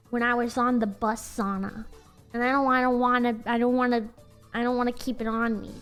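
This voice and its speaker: A woman with an American accent chatting casually on a livestream, giggly and rambling with lots of "like" fillers. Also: a little high.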